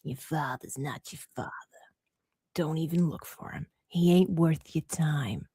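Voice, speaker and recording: A woman whispering in a low, hushed voice as a blunt, flippant middle-aged female TV psychic medium with a Caribbean accent, a whispered role-play. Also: a little slow, slightly rough, dry recording, full character voice. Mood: dismissive.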